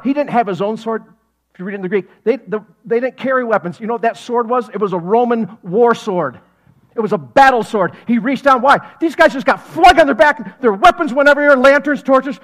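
A preacher with a high, light male voice delivers his sermon with plenty of humor and laughter. He acts out the scenes himself, switching between hushed asides and sudden bursts of shouting. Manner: animated, acts out quotes with sudden loud shouts; jokey, laughs often. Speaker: pastor.

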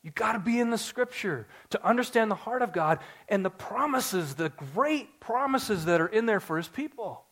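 A man's voice: high voice, moderate pace, few pauses. Earnest man preaching a sermon. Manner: earnest, storytelling, rises to excited emphasis. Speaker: pastor.

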